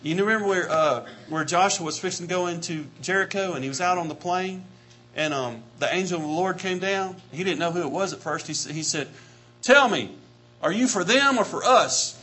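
A man preaching a sermon with passion, repeating his phrases and building to shouts. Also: high-pitched, brisk, soft background music.

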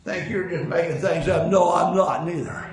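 A man preaching a sermon, telling a folksy story with repeated phrases and building to impassioned shouted climaxes. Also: a little high, fairly even intonation, moderate pace. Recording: very echoey room with faint noise.

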